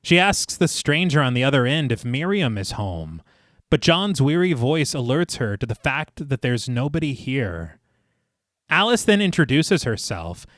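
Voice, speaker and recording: A man's voice: mid-range voice, a bit bright, no echo, clean studio sound. A man co-hosting a podcast, reading a detailed film recap in a narrating voice and breaking into laughter between passages. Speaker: podcast co-host.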